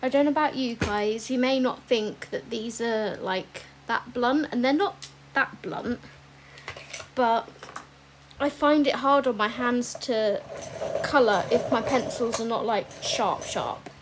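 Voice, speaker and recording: A woman's voice: a little high, unhurried, a little hiss or hum, low-quality recording. A woman chatting casually while colouring on a livestream, with lots of ums and asides to viewers reading their comments.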